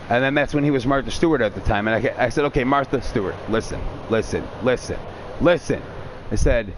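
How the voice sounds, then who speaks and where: A young man recounts a personal story in a loose, rambling way, swearing freely as he goes. His voice sits at an ordinary middle pitch. There is a faint background noise under the recording. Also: brisk. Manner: profane, rambling, animated retelling. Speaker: streamer telling a story. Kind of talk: casual storytelling.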